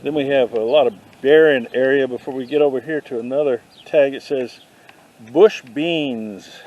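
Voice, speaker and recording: A man vlogging a walk through an outdoor garden, dropping deadpan puns as he goes. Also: mid-range voice, moderate pace, dull audio. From not from the South. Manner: deadpan punning asides. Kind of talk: joking walk-through commentary. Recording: faint outdoor noise.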